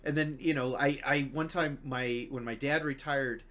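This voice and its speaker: A man hosting a casual podcast chat, chatty and laughing often, sometimes dropping to a low murmur. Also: fairly even intonation, normal speed, a bit bright. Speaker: podcast host.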